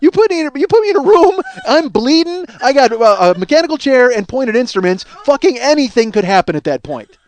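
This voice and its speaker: A man in his forties, a podcast host telling a comedic story in a casual, animated way, swearing and laughing along. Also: extremely high pitch, a little fast, few pauses. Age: 40s.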